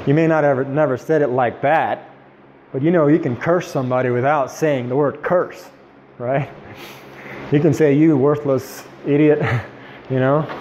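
A man leading an informal Bible study, chatting with the group and slowing down to quote scripture. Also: medium pitch, fairly even intonation, darkish tone, dull audio, slight background noise. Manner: conversational, quoting scripture slowly.

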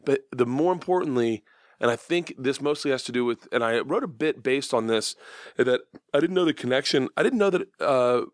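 A high-energy comedian man in his forties tells stories and swears freely, leaping into acted quotes and shrill shrieks. His voice sits at an ordinary pitch. The microphone is close and dry. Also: lively intonation, brisk, no room sound. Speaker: comedian guest. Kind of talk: casual podcast chat.

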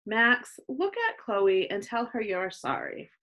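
A woman reading a children's book aloud, voicing a patient teacher who speaks calmly and firmly. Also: a little high, takes it slowly, full character voice. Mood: instructing. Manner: calm, firm and instructive. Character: patient kind female teacher.

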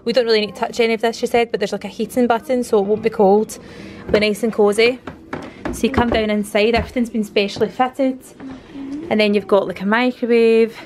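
Showing off a converted canal barge, a Scottish family vlogger in her thirties talks with chatty enthusiasm and leans heavily on "like." Her mid-range voice has a darkish tone, and there's a faint hiss or hum.

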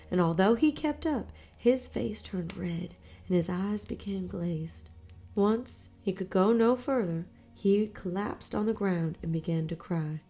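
A woman narrating a short story aloud in a measured, quiet manner, lightly acting the dialogue. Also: mid-range voice. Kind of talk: storybook reading.

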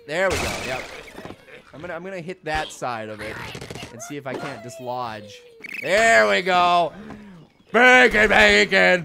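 A young man casually commenting on a mobile game, rambling nonsense and suddenly bursting into loud shouts. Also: mid-range voice, very noisy. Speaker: gaming video host. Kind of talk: goofy let's-play commentary.

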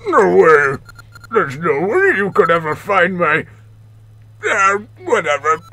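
A man doing a high, blustering game boss. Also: sing-song, takes it slowly, sharp tone, dry recording, exaggerated voice. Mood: taunting. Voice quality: high, theatrical voice. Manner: over-the-top villain taunts. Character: boastful male game boss, blustering and petulant. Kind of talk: reading game dialogue aloud in voices.

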